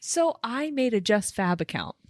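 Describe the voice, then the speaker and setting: A woman's voice: on the high side, sing-song, moderate pace, darkish tone, dry recording, clean studio sound. A woman from the United States co-hosting a podcast, chatting casually and laughing often as she gives her opinions. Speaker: podcast co-host. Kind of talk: casual chat.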